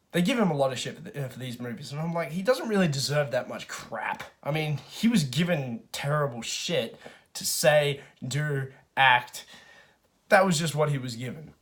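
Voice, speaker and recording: A man's voice: on the high side, expressive, measured pace, a bit bright. A man giving a casual spoken film review, rambling with many restarts and fillers, and swearing freely. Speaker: movie reviewer.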